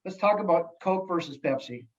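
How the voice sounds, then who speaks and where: A man speaking as a guest in casual podcast chat, telling stories in an animated, jokey way with many restarts. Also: high-pitched, brisk, highs cut off. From United States. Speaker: guest, sales executive and elected official.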